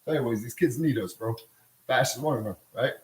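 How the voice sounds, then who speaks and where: A middle-aged man hosts a livestream, chatting and rambling casually in slangy language while he cooks and laughs often. He talks fast at a medium pitch. The audio is poor, with a roomy sound.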